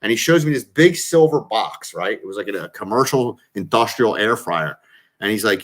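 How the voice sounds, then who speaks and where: A middle-aged man telling a rambling story on a casual chat show. He talks in an animated, profane way, leaning on fillers as he goes. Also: fairly low pitch, normal speed. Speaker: co-host.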